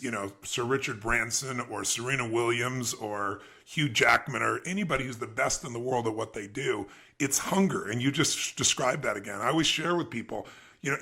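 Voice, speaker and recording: A man's voice: medium pitch, bright, forceful tone. A man hosting an interview, responding to his guest with emphatic, reflective commentary. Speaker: host. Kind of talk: interview conversation.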